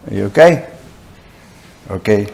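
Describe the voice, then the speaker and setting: A man's voice: on the low side, a little slow, vocal fry. An older man, a surgeon giving a conference lecture, talking conversationally and telling anecdotes with frequent asides to the audience. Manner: conversational, animated storyteller with frequent "you know" asides.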